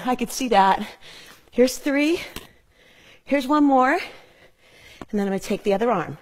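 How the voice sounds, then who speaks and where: A middle-aged woman teaches a home workout on a clip-on mic, counting reps and calling out cues. She keeps her tone upbeat even while breathing hard from the exercise. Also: on the high side, moderate pace, long pauses. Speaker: fitness instructor. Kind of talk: live workout instruction.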